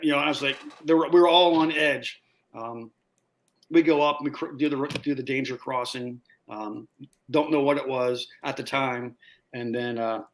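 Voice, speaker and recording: A man guest telling a casual, animated story with laughs, acting out what others said. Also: medium pitch. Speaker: guest, former Marine sniper.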